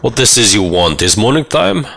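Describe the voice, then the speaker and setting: A man's voice: on the low side, sing-song, normal speed, vocal fry, fairly bright tone, pitched above the performer's own voice, full character voice. A man voicing a drunk, aggressive young party prince with a put-on Eastern European accent and broken English. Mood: annoyed.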